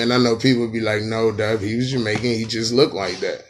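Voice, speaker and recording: A man's voice: lowish voice, fairly even intonation, a little fast, hardly any pauses, a little hiss or hum. A man hosting a podcast in a casual comedic rant, profane and playful, often breaking into sung imitations. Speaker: podcast host.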